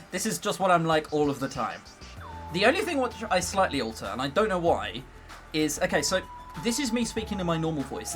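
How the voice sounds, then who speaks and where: English streamer guy, higher voice, bouncy delivery, jokey and chatty. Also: a bit bright. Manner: joking, self-mocking, chatty. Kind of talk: casual livestream commentary.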